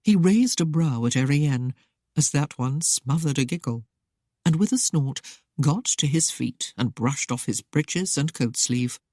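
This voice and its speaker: A woman narrating a historical romance audiobook with expressive storytelling. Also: low-pitched, measured pace, dry recording, clean studio sound. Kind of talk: scripted narration.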